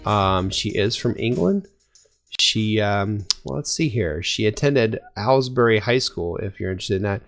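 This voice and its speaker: A man's voice: lowish voice, expressive, moderate pace, faint music behind. A young man co-hosting a fan podcast, chatting in an easygoing, agreeable way. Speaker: podcast co-host. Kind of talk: casual chat.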